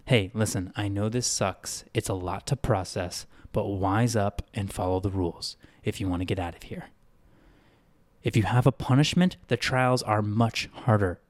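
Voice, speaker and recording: A man doing a calm, earnest young man. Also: on the low side, moderate pace, dry recording, close to an everyday voice. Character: calm, steady young man giving advice.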